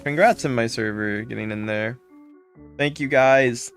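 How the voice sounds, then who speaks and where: A man's voice: mid-range voice, a little slow, a bit bright, soft background music. A man streaming a game live, chatting casually and greeting viewers by name with repeated thanks.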